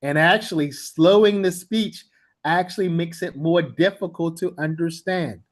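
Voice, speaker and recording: A man's voice: fairly high pitch, unhurried. A man teaching language-teaching methods in a blunt, emphatic lecture style, repeating his key points for stress. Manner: blunt and informal. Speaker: TESOL instructor.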